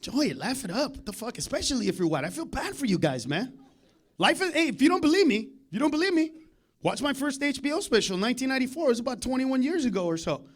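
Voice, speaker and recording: High-voiced guy doing stand-up in a club, loud and sweary, shouting then muttering. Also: big pitch swings, fast. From United States. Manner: loud, profane, swings between shouting and muttering asides. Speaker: stand-up comedian. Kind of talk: stand-up comedy set. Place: comedy club stage.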